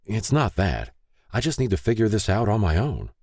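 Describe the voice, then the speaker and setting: A proud, embarrassed working man answers in short, grumbling lines, voiced by a male narrator. The low voice is lifted slightly for him. Close, dry studio sound. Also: wildly swooping pitch, normal speed, a little mellow, no echo. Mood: grumbling terse. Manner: grumbling, terse.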